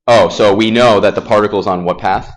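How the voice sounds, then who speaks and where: A man teaching a calculus class in a classroom, casual and self-deprecating, firing quick questions at his students. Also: on the low side, steady tone. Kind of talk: classroom math lesson.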